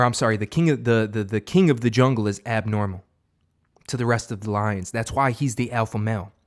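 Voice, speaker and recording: A young man giving an unscripted, profane motivational monologue as a vlogger, rambling with many fillers and restarts. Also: medium pitch.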